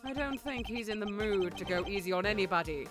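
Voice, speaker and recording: A woman's voice: medium pitch, animated, a little fast, loud music behind the voice. A woman streamer chatting casually between game lines, with joking, laughing asides. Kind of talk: casual gameplay commentary.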